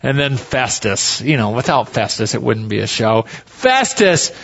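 A man's voice: medium pitch, very animated, unhurried, vocal fry, a bit bright, slightly rough, dull audio. A male pastor preaching a sermon in a folksy, storytelling way.

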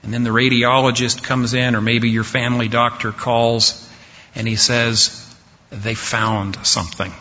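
Slow, deliberate male preacher. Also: medium pitch, completely flat delivery, pushed and bright. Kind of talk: sermon. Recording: dull sound with long hall reverb.

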